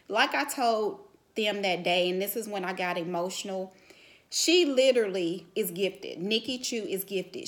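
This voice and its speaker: A middle-aged woman vlogger telling a personal story to camera in a casual, animated way, full of "you know" fillers and growing emotional. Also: mid-range voice.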